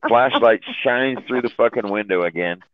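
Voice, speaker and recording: A man's voice: mid-range voice, moderate pace, very noisy. A man casually telling a rambling, profane story to friends on a call, repeating his words and laughing at his own tales. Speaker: chat room host telling stories. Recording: tinny phone-line sound.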